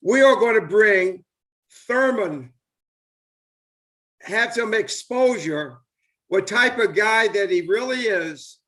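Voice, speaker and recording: A man's voice: sits high, lively intonation, takes it slowly, pauses often, a bit bright. A man, hosting a casual live video chat and rambling enthusiastically with lots of fillers and repeats. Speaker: host, former baseball player.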